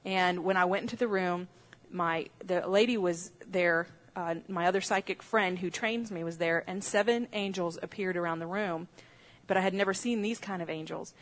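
A woman's voice: fairly low pitch, fairly even intonation, normal speed, close to an everyday voice. A woman quoting an earnest psychic masseuse.

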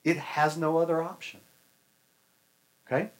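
A man's voice: fairly high pitch, level tone, a little slow, rough recording. A male preacher giving a sermon in a folksy, conversational and humorous way.

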